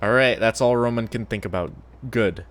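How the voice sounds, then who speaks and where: A man's voice: fairly low pitch, normal speed, slight background noise. A man streaming a game, giving crude, joking commentary and swearing often. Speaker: gaming streamer. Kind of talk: casual gameplay commentary.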